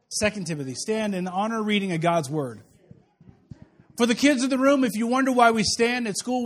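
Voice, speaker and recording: A man preaching a sermon as pastor in a church, animated and conversational, with asides to the children. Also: high-pitched. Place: church sanctuary.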